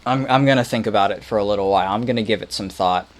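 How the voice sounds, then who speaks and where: A man's voice: on the low side, rapid-fire. A man casually thinking aloud while making music on a livestream, muttering, playful and rambling.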